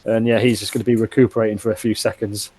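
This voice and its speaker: A man's voice: on the low side, flat delivery, rapid-fire, a little mellow, slightly rough. A man playing a tabletop game, thinking aloud with hesitant restarts as he plans his character's moves. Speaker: player.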